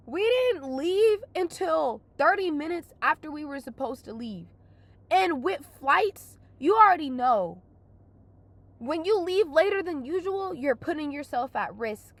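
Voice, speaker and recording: A young woman venting through a casual storytelling rant, exasperated and swearing a lot, her voice hoarse from crying. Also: high voice, lively intonation, unhurried, a bit bright. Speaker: vlogger.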